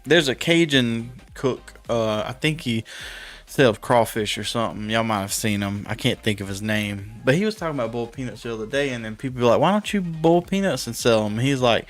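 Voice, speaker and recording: A man with a drawl talks loosely through a late-night stream, rambling and laughing often. He swears offhandedly at a middle pitch. Faint music plays underneath. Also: a little fast. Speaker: stream host. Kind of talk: casual late-night chat.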